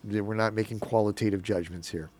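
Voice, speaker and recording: A man's voice: on the low side, steady tone, fairly quick, darkish tone. A man hosting a community radio show, chatting in a rambling, jokey way with many restarts. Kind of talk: casual chat on community radio.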